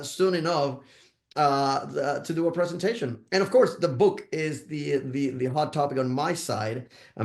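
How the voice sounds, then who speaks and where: Gravelly-voiced man from Puerto Rico. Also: a little high, echoey room. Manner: thoughtful, many restarts, lists advice point by point. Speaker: guest. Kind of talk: podcast interview.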